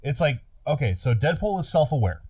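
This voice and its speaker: A man's voice: fairly high pitch, very animated, fairly quick, a little mellow, breathy edge. A man in casual podcast chat who laughs easily, swears freely and acts out jokes.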